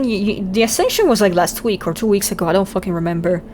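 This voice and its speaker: A woman's voice: medium pitch, quick pace, few pauses, a little mellow, slight background noise. Swearing, rambling woman streamer. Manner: swears freely, rambling and incredulous. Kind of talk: casual chat and reading game text aloud.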